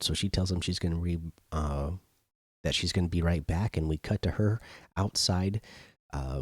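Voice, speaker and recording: A man with a low voice recaps an episode in a loose, chatty way, leaning on fillers and restarting his sentences. The sound is close and dry, with no room echo. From not British. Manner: loose, filler-heavy retelling. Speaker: host. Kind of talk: casual spoken recap.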